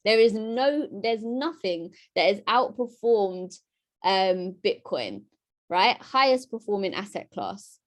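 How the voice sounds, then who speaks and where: A woman giving a live-streamed trading lesson, lively and chatty, talking straight to her viewers and often asking "right?". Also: medium pitch, slow. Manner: talks straight to her chat audience. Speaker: trading educator.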